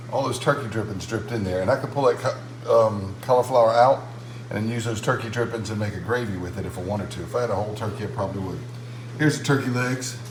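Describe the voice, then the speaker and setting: A man's voice: lowish voice, noisy background. A middle-aged man hosting a casual home cooking vlog, talking in a folksy, rambling way with many fillers. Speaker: home cooking channel host. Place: home patio and kitchen.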